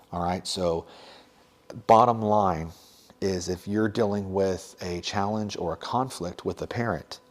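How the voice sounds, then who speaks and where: A young man with a slightly low voice talks casually, as a teacher sharing advice with other educators. He keeps it conversational, with plenty of fillers and quick asides. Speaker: teacher and podcast host.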